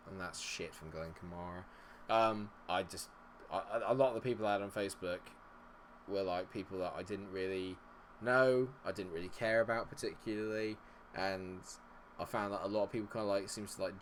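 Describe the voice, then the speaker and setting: A man with a fairly low voice talks through a live football management stream. He chats loosely with viewers, then grumbles and swears at his players in a flat, fed-up voice, and at times he yells at the screen. A faint hiss sits under the voice. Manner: swings from chatty to sweary frustration, yelling at players. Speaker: gaming streamer. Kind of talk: live gameplay commentary.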